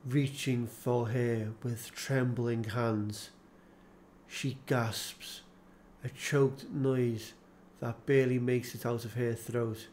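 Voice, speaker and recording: Slow, measured male audiobook narrator. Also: medium pitch, flat delivery, darkish tone, a little hiss or hum. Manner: slow, measured, solemn reading.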